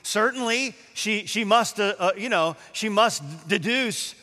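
Animated, high-voiced preacher in a hall. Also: male voice, measured pace, hardly any pauses. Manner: animated, emphatic, reads scripture aloud. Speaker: pastor. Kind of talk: sermon. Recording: long hall reverb.

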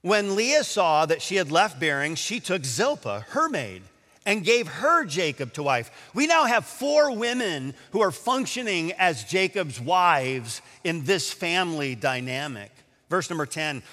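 A male pastor delivers a sermon in a high, bright voice that swoops with lively intonation. He reads scripture aloud and presses his points with emphasis. A long hall reverb trails each phrase. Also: a little slow.

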